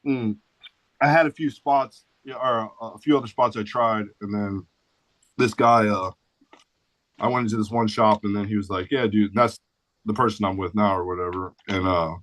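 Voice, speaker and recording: A man's voice: on the low side, steady tone, normal speed, a bit bright, dry recording. A man in his forties from the St. Louis area, a podcast guest telling stories in a blunt, laid-back way full of swearing and "dude". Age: 40s. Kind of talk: casual storytelling chat.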